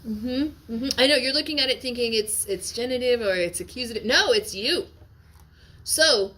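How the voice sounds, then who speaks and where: A woman teacher working through a Latin text with her class, her voice a touch higher than most. She talks in a lively, chatty way, keeps asking if everyone follows, and sounds a little tired. It is recorded in a classroom. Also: moderate pace. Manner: lively, chatty, asks frequent check-in questions.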